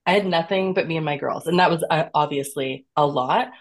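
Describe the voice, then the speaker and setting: A woman's voice: sits low, brisk. A woman in her thirties, a podcast guest, telling her own story candidly and expressively, often laughing and acting out what she said to herself. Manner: animated and expressive, with frequent laughs and acted-out quotes of herself.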